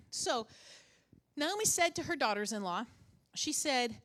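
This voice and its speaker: A woman's voice: fairly high pitch, very animated, takes it slowly, a bit bright. A middle-aged woman pastor preaching a sermon in a conversational way, with joking asides and phrases repeated for emphasis.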